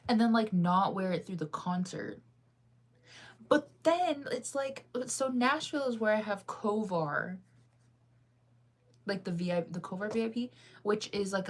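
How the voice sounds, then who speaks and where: A young woman chatting casually to her viewers, rambling and indecisive, laughing often as she talks things through. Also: medium pitch. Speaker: vlogger.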